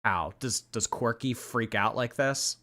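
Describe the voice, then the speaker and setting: A man's voice: medium pitch, unhurried, bright, forceful tone, a little hiss or hum. A man hosting a livestream, giving sarcastic, chatty commentary and thanking viewers. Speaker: livestream host. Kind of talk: casual commentary stream.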